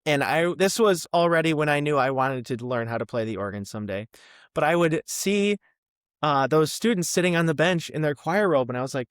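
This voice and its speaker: A young man from the Midwest, a podcast guest chatting casually about his past with lots of ums and quick asides. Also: a little high, animated, clean tone, no room sound, studio quality. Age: young adult. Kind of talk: casual interview chat.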